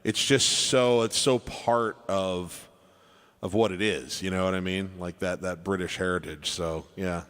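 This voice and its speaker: A man's voice: sits low, fairly even intonation, a little slow, fairly bright tone, clear, resonant tone, big-room sound. A man hosting a live piano stream, chatting casually with viewers and greeting them by name. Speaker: livestream piano player and host. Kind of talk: casual chat with livestream viewers. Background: piano playing.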